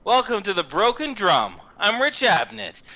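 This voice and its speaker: A man's voice: sits high, wildly swooping pitch, unhurried, pushed and bright, pitched above the performer's own voice, exaggerated voice. A man voicing a young blond male shop greeter, an eager salesman with a cheery, drawling hard-sell welcome. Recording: dull lo-fi game recording.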